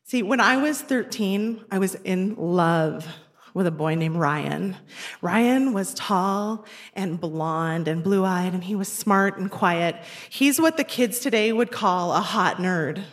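A woman of forty telling a personal story at a live show, wry and self-deprecating with lively comic timing. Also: medium pitch, slow pace. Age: 40s. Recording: roomy echoey venue sound.

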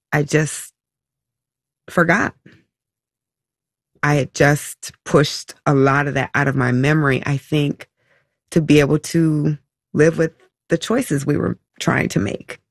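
A woman being interviewed, telling a personal story about her child in a halting, emotional way, full of restarts and fillers. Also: sits low, fairly even intonation, no echo, clean studio sound. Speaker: interview guest, mother.

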